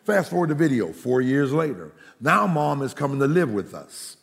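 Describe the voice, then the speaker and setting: A middle-aged male pastor telling a personal story in a sermon, animated and laughing, with folksy asides. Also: medium pitch, moderate pace, vocal fry. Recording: long hall reverb.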